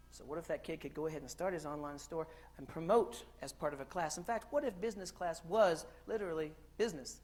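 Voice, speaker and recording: A man from the United States giving a conference keynote in a lively, joking storytelling way, asking the crowd questions. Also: on the high side. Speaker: keynote speaker. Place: conference hall stage.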